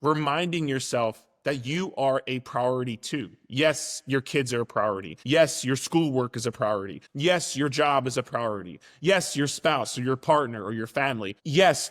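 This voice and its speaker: A man's voice: medium pitch, moderate pace, fairly bright tone, in a large hall. A man and fitness coach giving a casual, direct motivational monologue, now and then swearing for emphasis.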